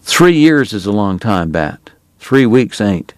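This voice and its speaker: A man voicing a stubborn, plainspoken grown man who talks bluntly and deliberately. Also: lowish voice, sing-song, no room sound. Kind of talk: audiobook character voice.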